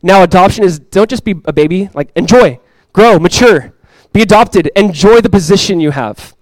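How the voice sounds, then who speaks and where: A young adult man preaching a sermon as pastor, earnest and repeating key phrases, often dropping to a soft, intimate tone. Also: high-pitched, animated, normal speed, dry recording, rough recording.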